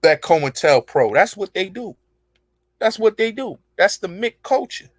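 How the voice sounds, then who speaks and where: Rambling and emphatic, a male online show host runs through a casual monologue heavy on profanity and street slang. His high-pitched voice swings widely in pitch at a measured pace, recorded dry.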